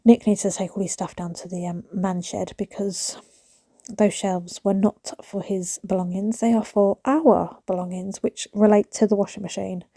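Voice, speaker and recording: A vlogger in her thirties with a British accent talks casually to a phone camera while doing housework and decluttering in her small home, rambling and often whispering. Her warm, medium-pitched voice moves at a normal speed with fairly even intonation, and the clean studio sound carries no room noise.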